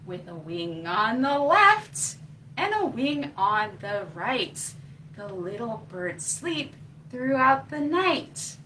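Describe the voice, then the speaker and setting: Slow sing-song woman reading to kids. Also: fairly high pitch, very animated, bright, forceful tone, recorded from a distance, rough recording. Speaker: children's librarian. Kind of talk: children's story time reading. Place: library. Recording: faint room noise, voice from off-mic.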